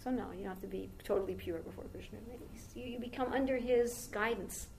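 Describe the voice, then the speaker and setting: A woman speaks at a middle pitch, her voice gravelly and fried at the edges. She gives a devotional talk in a loose, conversational manner, wandering into a story and stopping for asides. A faint rumble sits under the recording. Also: brisk, a little mellow, low-quality recording. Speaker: spiritual teacher.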